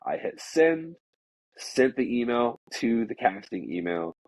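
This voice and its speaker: A man's voice: mid-range voice, sing-song, slow, a little mellow, dry recording, poor audio. A man telling a work story in casual conversation, rambling with many "like"s and restarts.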